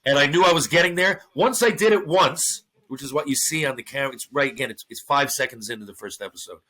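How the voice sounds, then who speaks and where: A middle-aged man appearing as a podcast guest tells a story in casual, profane talk, animatedly acting out the voices of the people involved. His voice is medium-pitched and quick.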